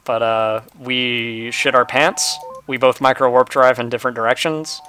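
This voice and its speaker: A man in the middle of a game stream, talking loosely and laughing easily at his own blunders. His voice sits at an ordinary pitch, and his tone stays relaxed and self-mocking. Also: moderate pace, slight background noise. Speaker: livestreamer. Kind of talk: casual gaming chat.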